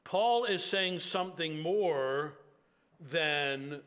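A man preaching a sermon in an earnest, reflective way, with slow, drawn-out pauses. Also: fairly high pitch, a bit bright.

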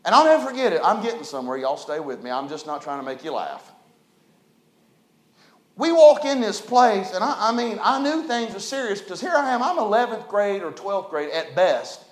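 Preacher guy telling a story in a sermon, high voice, echoey room. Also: normal speed. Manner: folksy, animated, builds to emphatic preaching.

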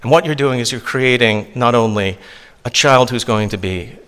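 A man preaching a sermon from the pulpit, animated and acting out the voices of the people in his story. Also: mid-range voice, normal speed, clean tone. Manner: animated, acts out quoted voices. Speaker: pastor.

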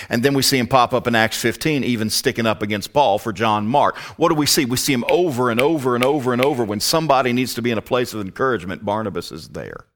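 A man's voice: fairly low pitch, fairly bright tone. A man teaching a Bible study, emphatic and prone to rhetorical questions.

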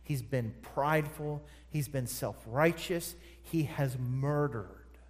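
A man's voice: mid-range voice, slow. A man preaching a sermon, emphatic and repeating phrases for stress. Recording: long hall reverb.

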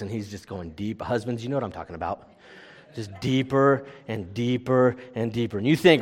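A man delivers a sermon in a relaxed, conversational way, tossing "right?" to the congregation as he goes. His voice sits at an ordinary middle pitch. The sound carries a long reverb, as in a church sanctuary. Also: moderate pace. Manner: conversational preaching, frequent "right?" tag questions. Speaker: pastor.

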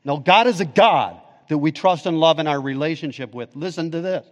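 A man preaching a sermon as pastor, emphatic, rising on his questions and dropping low and soft to press key points. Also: brisk. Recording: long reverb of a large hall.

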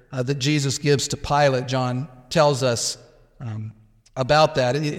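Slow-spoken male Bible teacher. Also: medium pitch, long reverb tail. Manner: explanatory, with filler words and restarts, acting out quoted exchanges.

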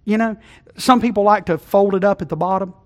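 High-voiced folksy preacher, loud to hushed. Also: male voice, steady tone, brisk. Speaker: pastor. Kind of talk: sermon. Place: church sanctuary.

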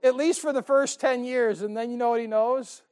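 A male pastor preaching a sermon to a church congregation, joking and calling out "Amen?", swinging between loud and quiet. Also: extremely high pitch, fairly even intonation, moderate pace, clear, resonant tone. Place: church service.

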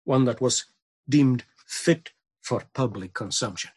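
A man's voice: medium pitch, measured pace, a little mellow, breathy edge. A man preaching an earnest sermon, building to emphatic repeated lines.

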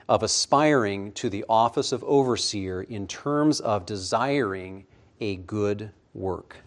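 A man preaching an expository sermon, measured, letting his voice fall soft at the ends of phrases. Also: lowish voice.

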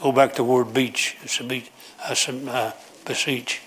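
A man's voice: medium pitch, steady tone, normal speed, a bit bright, a little hiss or hum. A man preaching a sermon, emphatic and repetitive as he pleads with his congregation.

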